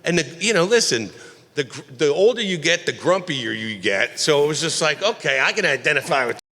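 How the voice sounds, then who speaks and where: Lively joking man in an echoey hall. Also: a little high, normal speed. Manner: animated, joking, loose and rambling. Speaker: voice actor panel guest. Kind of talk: convention panel Q&A. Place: large convention panel hall.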